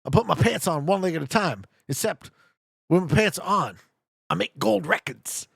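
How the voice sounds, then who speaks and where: A man doing a deadpan eccentric record producer. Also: high-pitched, moderate pace, creaky, husky, no room sound, studio quality, exaggerated voice.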